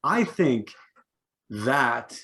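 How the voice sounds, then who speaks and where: A man's voice: mid-range voice, sing-song, extremely slow, bright, forceful tone, slight background noise. A man co-hosting a casual political chat, talking emphatically with many restarts and asides. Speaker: podcast co-host.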